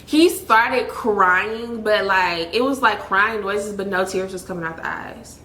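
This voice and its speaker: A woman's voice: mid-range voice, a little slow, few pauses, bright, forceful tone, a little hiss or hum. Blunt young woman in an echoey room. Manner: blunt, candid storytelling with frequent "like". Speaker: vlogger. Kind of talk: storytime vlog.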